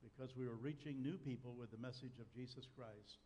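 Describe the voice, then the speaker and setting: Older preacher in a reverberant hall. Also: male voice, medium pitch, a little fast, warm tone, a little hiss or hum. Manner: folksy storytelling with dry humor. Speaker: pastor. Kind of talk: sermon. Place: church sanctuary. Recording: long church hall reverb, faint ambience.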